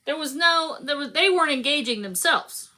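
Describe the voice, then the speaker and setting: A woman hosting a casual book club discussion, animated and laughing as she acts out scenes. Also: high voice, moderate pace.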